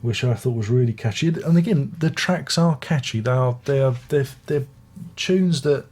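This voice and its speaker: This music reviewer is an older British man whose medium-pitched voice is a touch mellow and slightly rough, moving at a normal speed. He discusses an album casually, restarting sentences and adding conversational asides as he goes.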